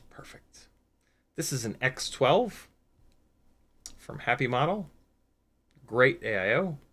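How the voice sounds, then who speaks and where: A tired, sleep-deprived man in his forties or older hosts a casual FPV drone livestream at an ordinary mid pitch. Expressive, unhurried and a bit bright, he rambles candidly with lots of fillers, reads viewer comments aloud and adds self-mocking asides.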